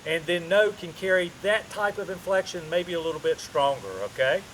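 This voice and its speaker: A man with a high voice teaches a dog training session, walking through each step and pausing to check in. He slips between calm explanation and bright commands and praise for the dog. A faint hiss sits under the recording. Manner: explains step by step, often tagging on a checking "okay?"; switches to upbeat praise and commands while working the dog. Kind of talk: instructional training demonstration.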